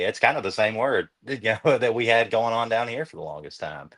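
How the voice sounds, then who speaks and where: A relaxed man, chatting easily as a podcast guest. His voice sits a little low, and he laughs often, tossing in "man" and "dude" as he talks about life on the road. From Texas. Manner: laid-back, chuckling, drawn-out "man" and "dude". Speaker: musician guest. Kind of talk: casual podcast chat.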